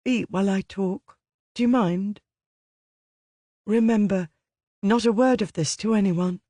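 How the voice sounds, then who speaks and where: A man voicing a tired, shaken young woman who speaks low and haltingly in an audiobook. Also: mellow, no echo. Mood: tired relief.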